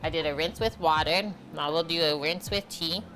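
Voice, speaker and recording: A woman hosting a live cooking stream speaks at a moderate pace in a low-pitched voice over music. Her casual, chatty talk replies to the chat and is full of "like" fillers.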